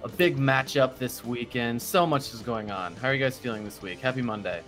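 A man leads a relaxed sports podcast, steering the talk with teasing jokes and frequent laughter. His pitch sits in an ordinary middle range. A faint bed of music runs underneath. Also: brisk. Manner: playful, jokey, laughs often. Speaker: podcast host. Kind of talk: casual sports chat.

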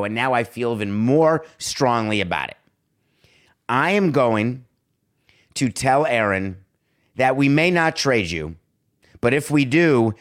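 A man's voice: mid-range voice, fairly bright tone, clean tone, close to an everyday voice. A man voicing a team president who firmly and bluntly lays out terms.

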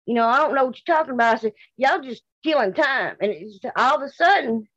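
A woman with a Mississippi accent speaks bluntly and indignantly, her voice a little high for a woman. She repeats herself as she tells what happened in an interview. The recording is dry and a bit dull, with no room sound. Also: lively intonation, brisk, fairly bright tone, no echo. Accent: Southern US, Mississippi. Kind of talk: emotional interview testimony.

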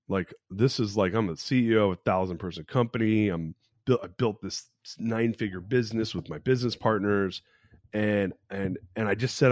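Low-voiced man in his forties, solo podcast host, candid rambling storyteller, dry close sound. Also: darkish tone, dry recording. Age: 40s. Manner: candid, rambling, with frequent restarts and fillers.

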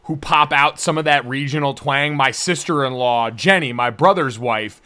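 A man's voice: mid-range voice, moderate pace, bright, forceful tone, clear, resonant tone. A young man hosting a sports podcast, chatting casually with energy and a joking, loose manner. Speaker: podcast host.

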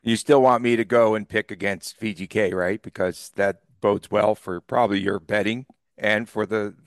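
A man's voice: lowish voice, moderate pace, no echo. Dry-voiced man co-hosting a sports podcast. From US East Coast. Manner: laughs often, animated storyteller. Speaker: podcast co-host. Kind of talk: casual sports podcast chat.

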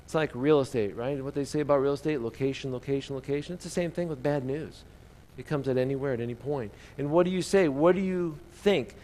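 A man preaching a sermon in a relaxed, conversational storytelling way, often asking his listeners questions. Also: mid-range voice, fairly quick, slight background noise.

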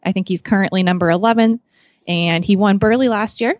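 A woman's voice: mid-range voice, brisk, darkish tone, no echo, muffled recording. A woman chatting as a podcast guest, rambling with many fillers and calling herself awkward. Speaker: podcast guest, magazine staffer. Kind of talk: casual chat.

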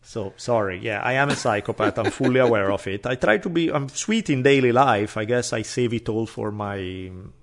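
A man's voice: mid-range voice, moderate pace, few pauses. A man telling a personal story in casual chat, acting out the people he quotes. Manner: animated, acts out quoted voices.

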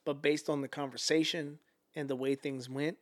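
A man who is a guest on a podcast, telling stories casually in an animated way, swearing freely and acting out quotes. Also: on the high side, normal speed. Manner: animated, profane, acts out quotes. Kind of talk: casual storytelling.

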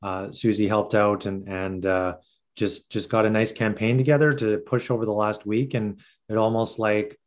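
A man speaking as a guest on a video call, earnest and halting, with many filler words. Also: fairly low pitch, steady tone. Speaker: photographer guest. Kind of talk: casual video call chat.

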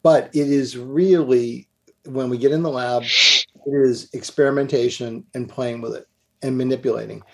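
A man, a guest who blends spirits, explaining his work in a halting way with repeated words. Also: medium pitch, fairly even intonation. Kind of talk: casual interview talk.

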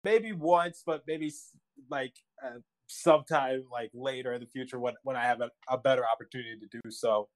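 A man's voice: medium pitch, moderate pace. A man in a casual chat, hesitant and stammering, then emphatic.

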